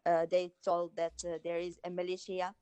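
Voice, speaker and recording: Woman student asking a question in class, halting, dry sound. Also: on the low side, monotone, warm tone, clean tone, no echo. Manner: halting, hesitant with fillers.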